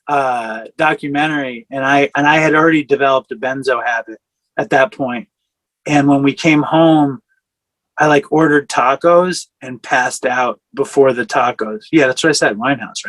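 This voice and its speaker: A man's voice: mid-range voice, a bit bright, no room sound, rough recording. A man in his forties telling a candid personal recovery story over a video call, rambling with fillers and self-corrections. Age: 40s. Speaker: speaker sharing a recovery story.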